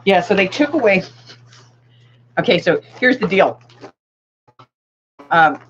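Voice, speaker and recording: Craft vlogger, woman with a sore throat, animated and chatty, muffled home recording. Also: medium pitch, slow. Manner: chatty, talks to viewers, laughs often. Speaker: craft shop owner and vlogger. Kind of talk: casual chat while crafting. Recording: dull lo-fi sound with faint hiss.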